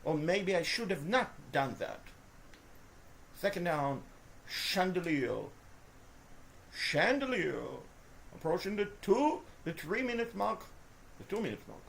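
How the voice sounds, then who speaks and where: A woman commentating her own video game play, swinging between frustrated groans and shouted cheers, talking to the players and to her viewers. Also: fairly low pitch, very animated, slow, vocal fry, long pauses, a little hiss or hum. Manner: talks to the players and to viewers as folks. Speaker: gaming video host. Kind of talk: live gameplay commentary.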